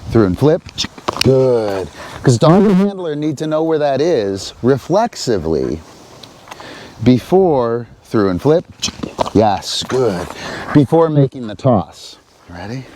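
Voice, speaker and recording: A man's voice: mid-range voice, very animated, takes it slowly, background noise. A man explaining dog training step by step while giving his dog short cues and praise. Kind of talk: hands-on training demonstration.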